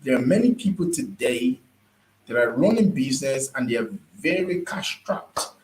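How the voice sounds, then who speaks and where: A man's voice: mid-range voice, animated, moderate pace, a little mellow, echoey room, slight background noise, low-quality recording. A man giving a motivational business talk, emphatic and repetitive in a preacher-like way. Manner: emphatic, repeats words, preacher-like stress. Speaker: business speaker.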